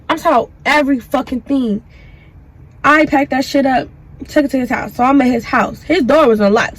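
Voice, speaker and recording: Young woman doing a storytime vlog, high voice, super animated and cussing a lot. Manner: animated, profane, acts out the dialogue. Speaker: vlogger. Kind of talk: storytime vlog, casual retelling.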